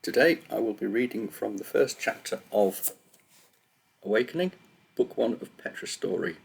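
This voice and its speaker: A man with a low, gravelly, slightly husky voice reads his own story aloud to a camera. He opens with nervous, self-deprecating chat before settling into steady narration. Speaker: author reading own book. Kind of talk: book reading on video.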